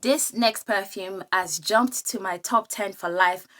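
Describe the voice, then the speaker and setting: Gushing bright-voiced woman. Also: medium pitch, unhurried. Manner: gushing, enthusiastic. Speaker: perfume reviewer. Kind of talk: casual product review vlog.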